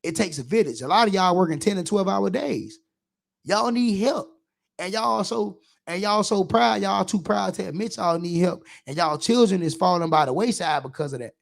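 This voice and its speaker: A man's voice: sits high, lively intonation, normal speed, vocal fry. A man, a youth football coach, giving an impassioned radio monologue, preachy and emphatic, acting out how he scolds kids.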